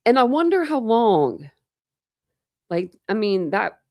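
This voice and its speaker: A woman's voice: mid-range voice, very animated, slow, mellow, dry recording, studio quality. A woman hosting a true crime livestream, chatting casually with viewers in a rambling way. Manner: rambling and chatty, with many fillers and restarts.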